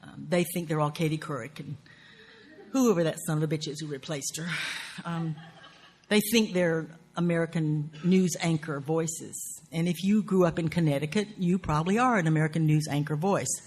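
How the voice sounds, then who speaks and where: A woman with a Southern US accent gives a writing workshop lecture in a low voice at normal speed. She's salty, profane and animated, laughing often. A little hiss or hum is audible.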